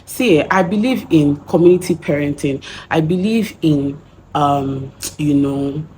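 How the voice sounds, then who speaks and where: A woman's voice: low-pitched, a little slow, mellow, slight background noise. A young Nigerian woman with a Nigerian accent, telling a story in a chatty vlog and acting out the voices she quotes. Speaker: vlogger.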